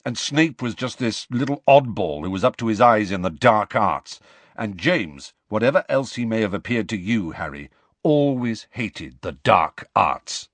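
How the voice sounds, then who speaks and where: A man's voice: lowish voice, animated, dry recording. A man doing a blunt, loyal grown man. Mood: placating. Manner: placating, brisk, blunt.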